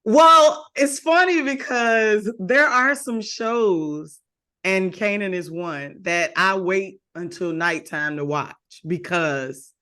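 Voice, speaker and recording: A woman co-hosting a podcast, chatting casually in an animated way and quick to laugh. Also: mid-range voice. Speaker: podcast co-host. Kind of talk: casual chat.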